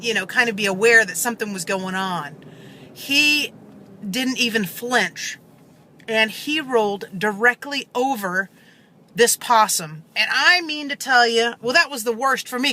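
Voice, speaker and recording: Woman vlogging from her car, super bright sharp voice, rambly and earnest, lots of ums. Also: a little high, slight background noise, poor audio. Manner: earnest, rambling, many fillers and restarts. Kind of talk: casual storytelling to camera.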